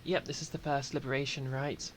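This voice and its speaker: A man's voice: medium pitch, little pitch movement, a little fast, faint music behind. A man streaming a game, reading its text aloud with dry, self-mocking asides.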